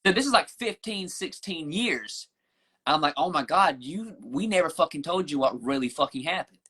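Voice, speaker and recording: A man's voice: a little high, animated, moderate pace, sharp tone, husky. A man with a Southern accent, a podcast guest telling long profane stories full of restarts and fillers. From rural Southern US. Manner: profane, rambling storyteller with many restarts. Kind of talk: casual podcast chat.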